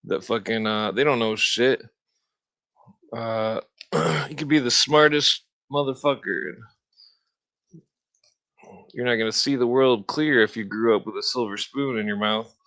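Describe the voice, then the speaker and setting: A man hosting a podcast in a rambling, profane solo rant, heavy on filler words and throat-clearing. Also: medium pitch, unhurried, pauses often, fairly bright tone. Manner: mocking sneer when imitating opponents. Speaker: podcast host.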